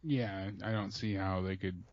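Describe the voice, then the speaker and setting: A man's voice: deep voice, steady tone, measured pace, no room sound, muffled recording. A man co-hosting a podcast in casual wrestling chat, mostly chiming in with brief agreement. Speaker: podcast co-host.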